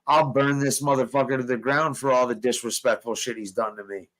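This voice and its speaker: A man's voice: mid-range voice, fairly even intonation, a little fast, a bit bright, rough recording. A man hosting a casual talk stream, profane and emphatic, repeating himself as he vents. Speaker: show host. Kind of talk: heated casual chat.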